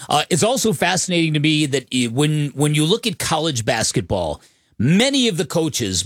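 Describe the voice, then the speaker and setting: A chatty male sports radio co-host with a somewhat high voice, who stumbles into his points and restarts them before landing them emphatically. The sound is close and dry, straight from a studio microphone. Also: fairly bright tone, no room sound.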